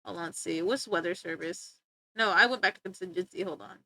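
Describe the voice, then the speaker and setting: A woman's voice: on the low side, a little fast, bright, forceful tone, no room sound. A woman live-streaming, chatting casually and teasing her viewers, rambling and often breaking off to giggle. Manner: joking, teasing banter with chat. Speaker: livestreamer.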